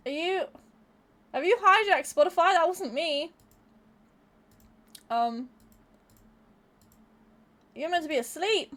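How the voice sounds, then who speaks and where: A woman's voice: very high-pitched, slow, long pauses, fairly bright tone. A woman streamer chatting casually with her live viewers, laughing often, swearing freely and repeating words as she thinks.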